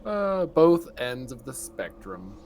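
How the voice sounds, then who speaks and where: A man's voice: medium pitch, takes it slowly, a little hiss or hum. A man running a tabletop game as game master, narrating casually with lots of fillers and jokes. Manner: relaxed, joking, filler-heavy narration.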